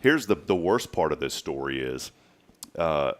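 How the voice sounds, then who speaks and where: A man's voice: very deep voice, very animated, a little slow. A man in his late thirties hosting a show, telling stories in a casual, chatty way and laughing often. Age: late 30s. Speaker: podcast host. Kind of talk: casual chat.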